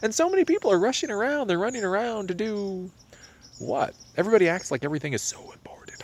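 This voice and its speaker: A man in his thirties talking casually to camera outdoors in winter, reflective and rambling, with sudden animated rises. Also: high-pitched, fast, slight background noise. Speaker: vlogger. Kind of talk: casual vlog monologue. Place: outdoors in winter, near a pond.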